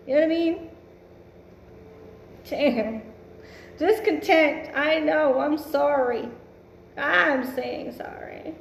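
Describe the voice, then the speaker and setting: A woman's voice: high-pitched, drawn-out words, creaky, pauses often, reverberant, a little hiss or hum. A woman giving a casual tarot reading, blunt and emphatic, swearing freely and musing aloud. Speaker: tarot reader.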